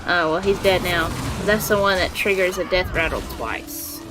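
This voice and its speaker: A woman's voice: on the low side, normal speed, over music, poor audio. A woman from Alabama with a Southern accent, chatting casually and teasing herself while she streams a game from her floor at home. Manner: chatty, self-deprecating. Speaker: livestreamer. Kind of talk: casual chat while gaming.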